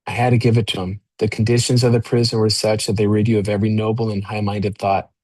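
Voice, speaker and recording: A man, an author, reading his own novel aloud in a measured way, then talking freely with many fillers and restarts. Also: on the low side, flat delivery, a little mellow, dry recording.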